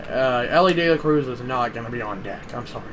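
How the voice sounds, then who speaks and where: A young man streaming live gameplay commentary, swinging between loud outbursts and low muttering to his viewers. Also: expressive, fairly quick, noisy background. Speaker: livestreamer.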